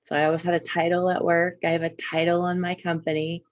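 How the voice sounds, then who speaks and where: A woman's voice: lowish voice, flat delivery, fast talker, muffled recording. A woman from Indiana, co-hosting a podcast, reflecting in casual conversation and telling personal stories at length. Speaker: podcast co-host.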